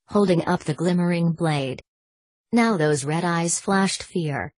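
A woman narrating a novel as an audiobook in a steady, measured reading. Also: deep voice, husky, no echo, rough recording. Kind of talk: scripted narration.

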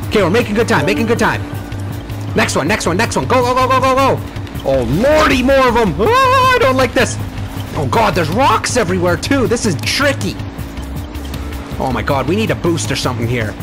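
Excitable young man doing game commentary. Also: high-pitched, a little fast. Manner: excitable, swears, frantic exclamations. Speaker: gaming channel host. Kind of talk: let's play commentary. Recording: game music underneath.

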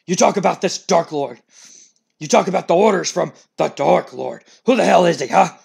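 Angry yelling wrestling boss put on by a guy, high and gravelly. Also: a little slow, full character voice. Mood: furious. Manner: shouting, outraged, higher-pitched delivery. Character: furious grieving male wrestling company boss.

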